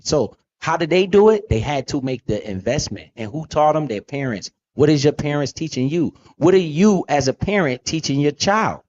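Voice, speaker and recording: A man's voice: fairly high pitch, animated, moderate pace, hardly any pauses, a little mellow, muffled recording. A man hosting a casual, profane talk about investing, blunt and emphatic with lots of slang. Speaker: podcast host.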